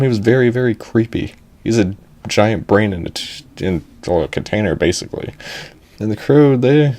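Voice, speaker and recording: A young man narrating a comedic animated story in a rambling, jokey way, interrupting himself with asides. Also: on the low side.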